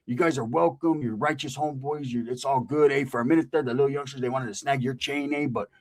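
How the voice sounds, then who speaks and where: A man voicing a calm, tough older gang homie who talks in a low, slow drawl and calls everyone homie. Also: close to an everyday voice. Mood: boastful.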